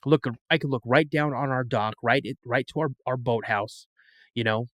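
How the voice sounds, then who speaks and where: A man tells a story as a podcast guest in a casual, lively way, now and then acting out the voices of others. His voice sits at a middle pitch for a man. The recording is close and dry. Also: normal speed, no echo. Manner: animated, acts out quoted voices.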